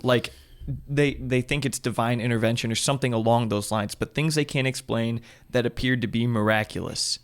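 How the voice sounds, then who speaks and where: A man's voice: medium pitch, fairly even intonation, moderate pace, clean tone. Man, podcast host, casual interviewer, mid-range voice.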